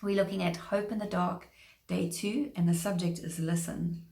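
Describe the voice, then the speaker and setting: A woman giving a short devotional sermon, earnest and measured, slowing down to stress scripture. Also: on the low side, fairly even intonation, vocal fry, warm tone. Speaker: preacher. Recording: echoey room.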